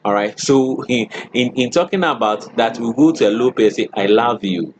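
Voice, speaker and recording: A man's voice: mid-range voice, moderate pace, background noise. A middle-aged man lecturing a college class, often checking in with "okay" and "all right" and acting out spoken examples.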